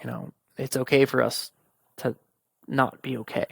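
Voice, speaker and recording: A man's voice: medium pitch, steady tone, normal speed, creaky, husky, dry recording. A young man hosting a podcast, talking candidly and informally about his own life, quoting friends and family and swearing at times. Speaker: podcast host. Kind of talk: personal monologue.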